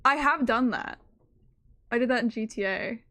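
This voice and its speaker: Her voice is a little high and sharp in tone, and she speaks at normal speed. The young adult woman is casually streaming from her own room, rambling, breaking off mid-thought, and saying "like" nearly every sentence.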